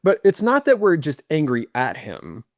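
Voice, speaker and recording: A man's voice: a little high, moderate pace, dry recording, studio quality. A middle-aged man co-hosting a casual Bible study podcast, explaining a passage and acting out quoted speech as he goes. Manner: animated, acts out quoted speech. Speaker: podcast co-host.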